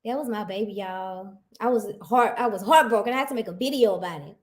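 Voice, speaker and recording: A woman in casual livestream chat, animated and teasing, repeating herself for emphasis. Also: mid-range voice, brisk.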